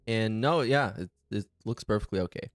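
A man's voice: on the low side, normal speed, dry recording, clean studio sound. A man hosting a casual reaction commentary, sarcastic, profane and exasperated. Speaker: commentary channel host.

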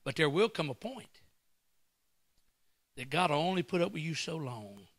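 A man preaching a sermon as a guest pastor in a church, swinging into loud bursts and acting out quotes. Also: fairly high pitch, sing-song, moderate pace, no room sound.

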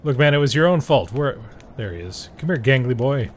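Young guy playing a survival game, super expressive voice swinging all over, chatty and jokey, yells when something jumps him. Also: medium pitch, brisk. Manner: chatty, jokey, talks to the game's characters; reacts loudly and shrieks when startled. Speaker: gaming video host. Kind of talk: casual let's-play commentary.

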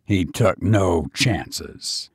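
A grim older banker, brooding and relentless, speaking low and deliberately slow, as a man plays him. His deep, dry lines come close on the mic in an old-fashioned audio drama. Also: lively intonation, husky, dry recording, exaggerated voice.

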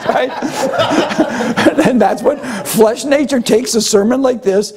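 An older man preaching a sermon, animated and humorous, sometimes acting out grumbling voices. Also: very high voice, normal speed, a crowd in the background. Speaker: pastor.

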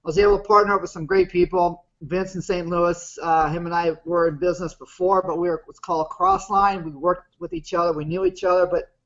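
A man's voice: high voice, brisk, few pauses, fairly bright tone. Plain-spoken man in his fifties, muffled. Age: 50s. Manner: plain-spoken, rambling storyteller. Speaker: guest business partner. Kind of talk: personal story on a webinar. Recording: muffled lo-fi video call audio.

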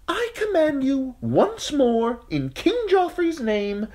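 A man voicing a cold, bored knight commander with a high, thin voice and languid, haughty manner. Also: very animated, slow pace, a little mellow, full character voice.

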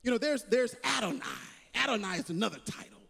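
A man preaching a sermon as pastor, repeating words as he builds and swinging from loud calls to hushed quotes. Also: extremely high pitch, lively intonation, quick pace, gravelly, husky, in a large hall.

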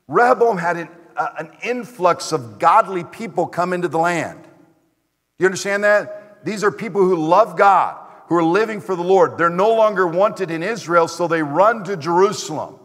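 A man's voice: sits high, moderate pace. Middle-aged preacher man, reverberant church. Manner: emphatic, repeats rhetorical questions to the congregation. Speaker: pastor. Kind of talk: sermon. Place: church sanctuary.

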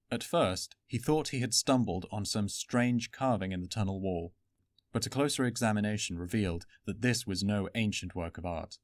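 A man's voice: fairly low pitch, no room sound, studio quality. Man reading a fantasy story. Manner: even, steady storytelling. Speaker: narrator. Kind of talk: audiobook fan reading.

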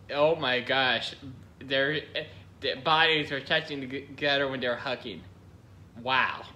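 A man's voice: mid-range voice, fairly even intonation, slow, sharp tone, slight background noise. A man giving giggly, rambling reaction-video commentary, gushing over what he watches.

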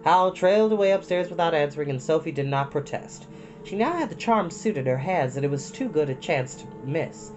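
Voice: medium pitch, expressive, fairly quick, darkish tone, faint music behind, rough recording. A storyteller reading a chapter book aloud, breaking off for chatty, folksy asides to listeners.

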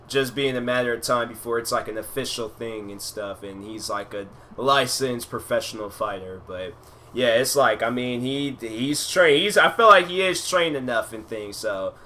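A man's voice: medium pitch, moderate pace, pushed and bright, a little hiss or hum. A man hosting a reaction video, giving casual, rambling commentary full of "like" and restarts.

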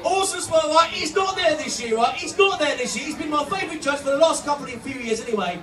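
A man doing live stand-up comedy, loud and punchy, shouting to reach the crowd. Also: extremely high pitch, animated, fast. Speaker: comedian and impressionist. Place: holiday park entertainment stage. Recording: echoey room, from far off, music and crowd.

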